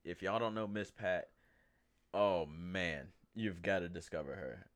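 Male podcast host, low-ish voice, easygoing, laughs and swears freely. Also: measured pace. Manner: laid-back, laughs often, swears freely. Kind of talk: casual chat.

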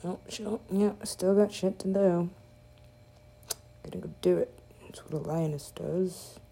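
A woman with a low, mellow voice chatting her way through a game. She talks slowly, wandering from joke to joke with plenty of profanity in a loose, offhand delivery. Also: breathy edge. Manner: profane, rambling, joking asides. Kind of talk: casual gameplay commentary.

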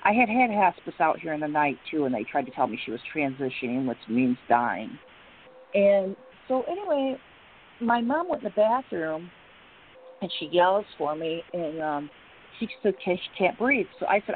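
A woman's voice: on the low side, big pitch swings, normal speed. Middle-aged woman on the phone, rambles w lots of ums and restarts, tinny line w bit of hiss. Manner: rambling storytelling with many fillers and restarts. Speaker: guest. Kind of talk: emotional personal account.

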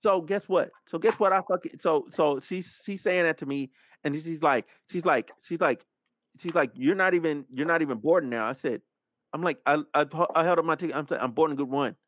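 A man hosting a podcast, telling a story as a casual rant, animated and profane, acting out the other people's lines. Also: on the high side, a little fast, dry recording. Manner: animated, profane, acts out quoted dialogue. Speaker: podcast host. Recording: dull, dry lo-fi mic sound.

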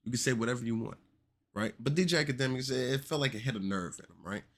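A young man hosting a casual commentary podcast, animated and joking with exaggerated reactions. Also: mid-range voice, quick pace. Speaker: podcast host.

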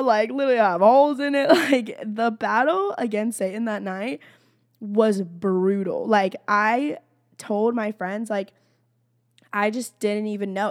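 A woman's voice: medium pitch, no room sound. A young woman shares a faith testimony in casual vlog talk, looping back with fillers. Her voice sits in a middle register. The recording is close and dry, with no room sound. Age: young adult. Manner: chatty, many "like" and "y'all" fillers. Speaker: college student sharing faith.

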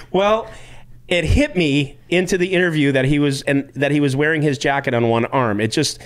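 A man's voice: fairly high pitch, moderate pace. Rambling male podcast host. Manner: rambling, self-interrupting, acts out quotes. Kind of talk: casual chat.

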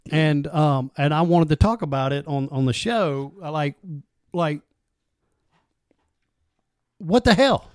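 A man's voice: fairly high pitch, normal speed, darkish tone, clear, resonant tone, no room sound, clean studio sound. A man co-hosting a casual podcast, telling a story in a loose, chatty way full of filler words. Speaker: podcast co-host.

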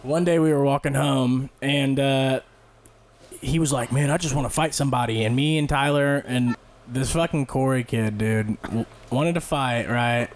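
A podcast co-host in his late twenties tells a story in loose, profane talk and acts out the people in it. His pitch sits mid-range for a man. Faint background noise runs under the recording. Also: unhurried. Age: late 20s. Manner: animated, profane, acts out quotes. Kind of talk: casual storytelling.

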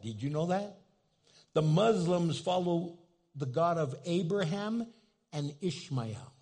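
A man's voice: on the high side, warm tone, husky. A man preaching a sermon in a church, telling a story with humor and asking his listeners questions. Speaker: pastor.

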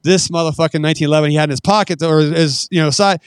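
A middle-aged man tells stories as a podcast guest in a fairly high voice. He swears freely and acts out the dialogue with lively energy. The sound is dry and close. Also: very fast, smooth, no room sound. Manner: profane, animated anecdote-telling that acts out quoted dialogue. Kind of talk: casual storytelling.

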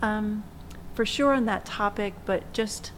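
A woman hosting a faith discussion, speaking calmly and reflectively and reading from scripture. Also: medium pitch, slow pace, slight background noise, low-quality recording. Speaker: podcast host.

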